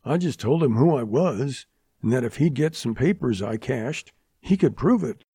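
A man voicing a hoarse, desperate young gunman. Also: medium pitch, expressive, normal speed, dark tone, no room sound, clean studio sound. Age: 20s. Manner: desperate, defiant, spitting curses. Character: battered young male gunman, desperate captive.

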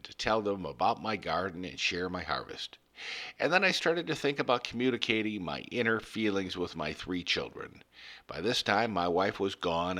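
A man reading a first-person story aloud in a measured, earnest way. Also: sits low, bright, forceful tone. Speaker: reader of a story.

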